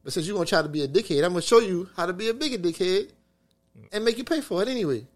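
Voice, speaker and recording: A man's voice: sits high, animated, very fast. A young adult man co-hosting a podcast in casual chat, profane and emphatic. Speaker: podcast co-host.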